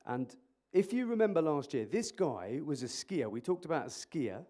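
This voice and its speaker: Man, emergency clinician, lively conference speaker on a mic, voice a touch high, jokey, interactive. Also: moderate pace. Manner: animated, jokey, quizzing the audience. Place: conference hall. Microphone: microphone.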